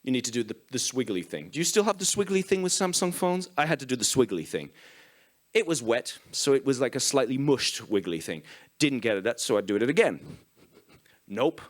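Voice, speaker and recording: A man's voice: medium pitch, sing-song, a little fast. An Irish man giving a comic conference talk, telling profane, self-mocking anecdotes. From Ireland. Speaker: conference speaker. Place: conference stage.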